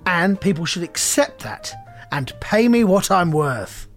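A man puts on a swaggering, money-hungry detective who sneers at everyone. He pushes the voice up into a loud, animated bluster that swings widely in pitch. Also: measured pace, faint music behind. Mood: defiant. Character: arrogant greedy male private detective.

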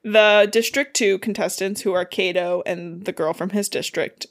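A woman co-hosting a casual book podcast, summing up the chapter in loose, chatty sentences. She leans on fillers like "like" and "um" and swears freely. Her pitch sits in an ordinary middle range. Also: fairly even intonation, moderate pace. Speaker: podcast co-host recapping a book. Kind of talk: casual book recap chat.

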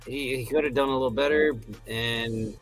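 A man's voice: medium pitch, fairly even intonation, normal speed, faint music behind. A man co-hosting a podcast, chatting loosely and swearing casually as he reacts to the episode. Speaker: podcast co-host. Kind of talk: casual recap chat.

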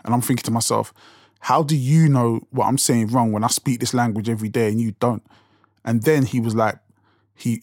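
A man's voice: medium pitch, no echo. Young london guy just chatting, lots of restarts, dead dry room. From England. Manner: conversational, rambling with many restarts and fillers. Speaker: podcast host and rapper. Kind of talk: casual solo talk.

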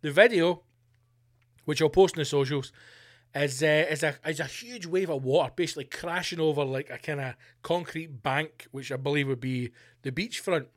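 A man hosting a casual solo podcast, animated and sweary, laughing as he reads out news stories. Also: on the high side, no echo, studio quality. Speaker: podcast host.

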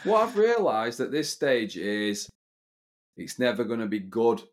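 A man's voice: medium pitch, sing-song, measured pace. A man co-hosting a podcast, recapping a soap in a sardonic, grumbling way with lots of hesitant fillers. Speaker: podcast co-host. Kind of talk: casual chat recapping a TV soap.

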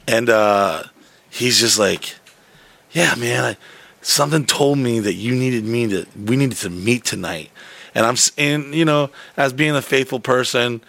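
Man, casual podcast storyteller, profane, rambling, animated; dry close mic. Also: medium pitch, dry recording.

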